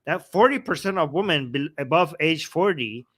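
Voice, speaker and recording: A man's voice: on the high side, animated, normal speed, fairly bright tone, no echo. A man hosting a casual talk show, conversational and hedging as he reads viewer comments and questions his co-host. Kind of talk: casual debate chat.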